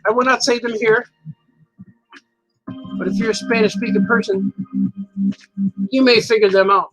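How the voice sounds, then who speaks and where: A man with a high voice spins a loose, playful story in a casual monologue. He rambles and chuckles as he goes. Music plays clearly beneath him. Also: steady tone, normal speed, fairly bright tone, rough recording. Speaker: cartoonist telling a story.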